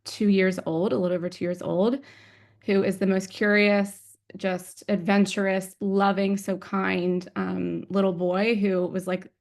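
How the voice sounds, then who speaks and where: A woman in her forties speaks as a webinar guest, telling her own story with slides. Her voice has a gravelly edge at a middling pitch. She talks candidly and with feeling, filling pauses with ums. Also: level tone, darkish tone. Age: 40s. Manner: candid, emotional, many ums, laughs easily. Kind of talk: personal story talk with slides.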